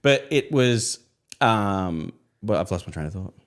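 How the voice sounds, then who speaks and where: A man in his thirties, a podcast co-host from Australia, telling a long story in casual chat and jumping into high voices when he quotes people. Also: lively intonation, a little slow.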